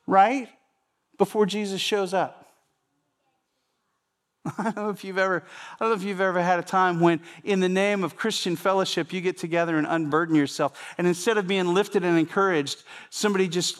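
A man's voice: sits high, a bit bright. A man preaching a sermon in a conversational way, often repeating phrases and speaking straight to the congregation. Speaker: pastor.

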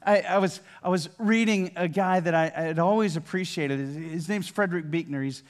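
An older man preaching a sermon in a conversational way, often repeating and restarting words, dropping to a hushed voice for key lines and rising loud and animated at others. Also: sits high, a little fast. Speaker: pastor.

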